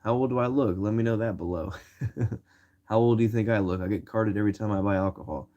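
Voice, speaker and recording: Young male vlogger, early twenties, rambling slangy storyteller, lowish warm voice. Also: fairly quick, lo-fi sound. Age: 20s. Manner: slangy, rambling, many fillers and restarts. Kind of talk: casual storytelling to camera.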